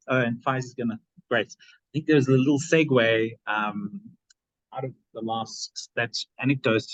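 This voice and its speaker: A man's voice: mid-range voice, no echo. Male seminar chair, hesitant with many fillers, dry dull lo-fi audio. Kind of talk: academic seminar discussion.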